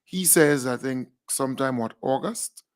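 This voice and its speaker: A man co-hosting a live online talk show, chatting easily with pauses and asides. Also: mid-range voice. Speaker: co-host. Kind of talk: casual live chat.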